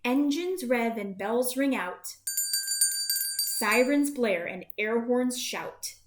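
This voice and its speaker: Woman, storybook read-aloud, unhurried pace, roomy echo. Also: on the high side, lively intonation, heavy background noise. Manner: gentle, sing-song rhyming cadence. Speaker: storybook reader. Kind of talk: reading a rhyming picture book aloud.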